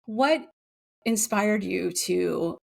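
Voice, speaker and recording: Middle-aged female host, vocal fry, chatty, laughs easily, casual interview. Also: mid-range voice, lively intonation, extremely slow, a little mellow. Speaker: podcast host.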